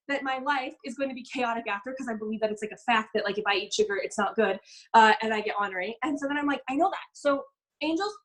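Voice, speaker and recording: A young woman coaching a live online group, telling stories in an animated way and acting out the people she quotes. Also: on the high side, poor audio. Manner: fast, bubbly, animated storytelling with quoted voices. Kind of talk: live business coaching session.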